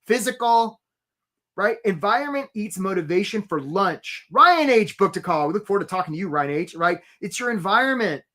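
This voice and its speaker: Energetic man hosting a webinar. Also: high-pitched, moderate pace. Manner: energetic, chatty, calls out attendees by name. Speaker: career coach and webinar host. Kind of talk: live webinar talk.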